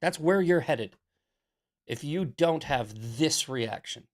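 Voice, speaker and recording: A man's voice: fairly high pitch, expressive, takes it slowly. An American man hosting a political commentary show, talking in a heated, preachy way, swearing and repeating himself for emphasis.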